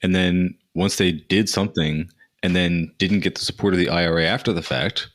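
A man's voice: deep voice, steady tone, moderate pace. A man on a podcast chatting casually about a film, recalling scenes and quoting favorite lines. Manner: chatty, quotes lines with amused laughter. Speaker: podcast guest. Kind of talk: casual movie discussion.

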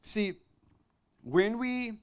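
Animated, higher-voiced male preacher. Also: very slow, clear, resonant tone. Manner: animated, swinging from loud exclamations to soft confiding tones; laughs often between phrases. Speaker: pastor. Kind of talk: sermon.

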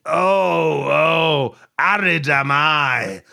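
A man's voice: fairly high pitch, very slow, gravelly, bright, forceful tone, full character voice. A man putting on a woeful parched beggar. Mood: woeful, pleading. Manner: mournful, theatrical, mock-archaic wailing. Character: parched, self-pitying old-time man begging for water. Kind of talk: comedic improvised voice acting on a podcast.

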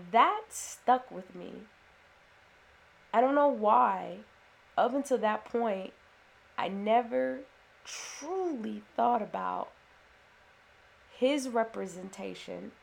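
A woman's voice: mid-range voice, gravelly, darkish tone. A woman, a mother and former teacher, telling a personal story in an earnest, reflective way. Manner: earnest, reflective, with restarts and fillers.

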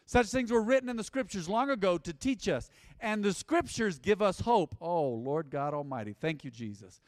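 Male pastor, higher voice, emphatic call-and-response preaching, church hall reverb. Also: animated, normal speed, darkish tone. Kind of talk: sermon. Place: church sanctuary.

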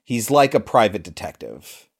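A man's voice: lowish voice, very animated, normal speed, creaky, slightly rough. A man co-hosting a podcast, casually explaining film plot points and laughing along. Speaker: podcast co-host.

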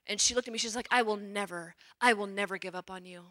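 Bright-voiced religious sister telling her story. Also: medium pitch, fast, few pauses. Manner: animated storyteller, acts out quotes. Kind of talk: personal testimony talk.

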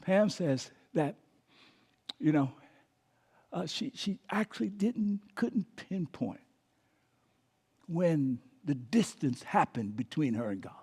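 A man preaching a sermon as pastor, calling on the congregation to repeat words, swinging between emphatic and hushed delivery. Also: a little high, lively intonation, takes it slowly, long pauses, slightly rough. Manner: preaching with call-and-response prompts to the congregation.

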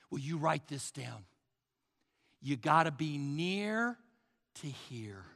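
A high, bright male pastor preaching with a gravelly edge, pacing his words slowly. He swings from forceful calls to hushed near-whispers. His voice carries with a long hall reverb. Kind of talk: sermon.

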